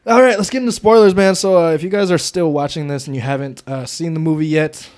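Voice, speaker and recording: A young man co-hosting a podcast, chatting casually and profanely about a movie, getting loud when worked up. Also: a little high, steady tone, fast talker, clean tone. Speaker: podcast co-host. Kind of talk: casual movie review chat.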